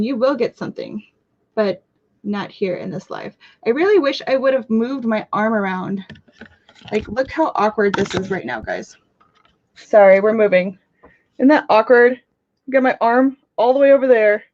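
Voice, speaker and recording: A young woman in her twenties hosts a live crafting stream in a loose, rambling chat. She jumps between topics, pokes fun at herself and lets out sudden squeals. Her voice sits a little high and comes through muffled, lo-fi audio. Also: normal speed, darkish tone. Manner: chatty, scattered and self-mocking, with bursts of squeals. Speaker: crafting livestream host.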